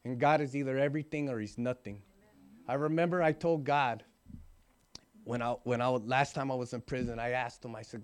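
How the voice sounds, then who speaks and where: A man's voice: medium pitch, steady tone, a little fast, smooth. A man in his forties giving an earnest, emphatic recovery testimony, often checking in with "right?". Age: 40s. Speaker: recovering alcoholic sharing his story.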